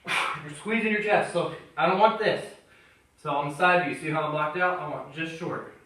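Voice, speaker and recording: A man's voice: fairly high pitch, moderate pace, sharp tone. A male fitness trainer demonstrating chest dips, giving coaching cues and encouragement, a little out of breath. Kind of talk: exercise tutorial demonstration. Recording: very echoey gym from far off.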